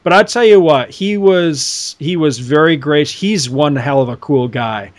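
A man's voice: on the high side, unhurried. Rambling, chatty man telling stories. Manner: rambling, animated storytelling with many fillers. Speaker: podcast co-host. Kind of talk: casual chat.

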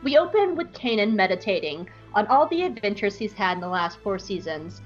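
A woman's voice: mid-range voice, big pitch swings, a little fast, highs cut off, soft background music. A woman podcast host giving a snarky, joking recap of a show episode.

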